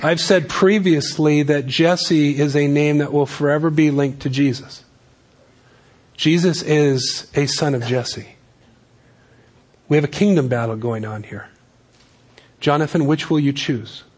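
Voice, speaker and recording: A man's voice: a little high, a little slow, long pauses. A man preaching a sermon as pastor, reading scripture and adding casual, joking asides.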